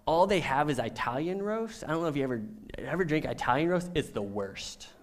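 A middle-aged man preaching a sermon as a pastor, telling stories with animation and swinging from soft to loud. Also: a little high, animated, fast talker.

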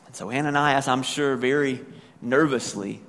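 A man's voice: mid-range voice, moderate pace, gravelly, a bit bright. A male pastor preaching a sermon, retelling a scripture story in a conversational way with asides. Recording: long reverb of a church hall.

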